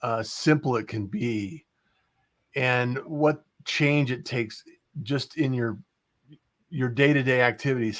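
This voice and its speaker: A man hosts a casual live-stream interview in a mid-pitched voice. He speaks in an encouraging, affirming way and reflects back what his guest says. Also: a bit bright. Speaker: host.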